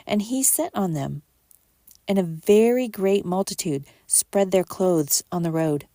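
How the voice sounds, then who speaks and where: A woman hosting a podcast, reading scripture aloud at a measured pace and lifting her voice for quoted speech. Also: lowish voice, dark tone, dry recording, clean studio sound.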